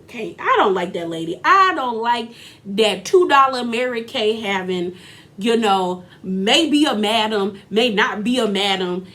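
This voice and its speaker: Woman recap host, slightly high voice, sassy slangy delivery. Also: normal speed. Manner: animated, sassy, slangy retelling with acted-out quotes. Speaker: reality TV recap commentator. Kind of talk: casual recap commentary.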